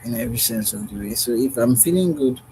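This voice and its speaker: A man's voice: medium pitch, big pitch swings, fast talker, vocal fry, dark tone, a little hiss or hum, low-quality recording. A man vlogging outdoors in an earnest, repetitive, musing monologue about love. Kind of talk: unscripted heartfelt monologue.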